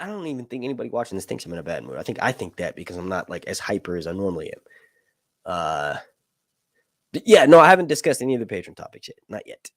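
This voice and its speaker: Young man, casual live-stream chat, jokey, swears, raised pitch, lively delivery. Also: dry recording, studio quality. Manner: animated, jokey, swears casually, laughs often. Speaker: YouTube host reading viewer chat.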